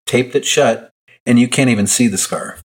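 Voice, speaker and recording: A man's voice: mid-range voice, normal speed. A man chatting as a podcast guest, dry and matter-of-fact. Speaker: guest, retired wrestler. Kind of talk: casual chat.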